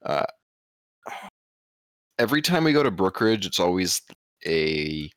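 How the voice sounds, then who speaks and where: A man with a very low voice, chatting on a podcast in a laid-back, rambling way. The sound is dry and close, with no room around him. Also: measured pace, no echo. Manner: relaxed, rambling, restarts his sentences. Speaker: podcast co-host. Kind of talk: casual chat.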